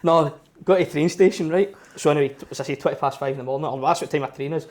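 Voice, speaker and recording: A man's voice: fairly high pitch, racing, a little mellow. A Scottish man co-hosting a podcast in casual chat, telling rambling anecdotes full of quoted dialogue. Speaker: podcast co-host.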